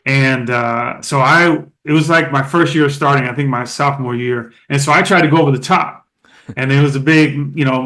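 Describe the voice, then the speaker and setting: A middle-aged man from Oakland, a former ballplayer, telling stories as a podcast guest in a lively, casual way with many fillers and restarts. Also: mid-range voice. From Oakland, California. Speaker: guest, former baseball catcher. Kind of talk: casual storytelling interview.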